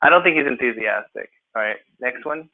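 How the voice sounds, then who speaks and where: Animated male tutor on a tinny line. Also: medium pitch, a little fast, gravelly, a little hiss or hum. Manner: animated, questions students, acts out examples. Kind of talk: classroom teaching. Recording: phone-like narrow audio.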